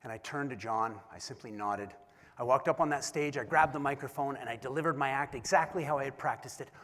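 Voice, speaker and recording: Husky man telling a story in a hall. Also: mid-range voice, a little fast. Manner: animated, self-deprecating storyteller who acts out voices. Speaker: keynote speaker. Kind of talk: storytelling keynote speech. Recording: long hall reverb.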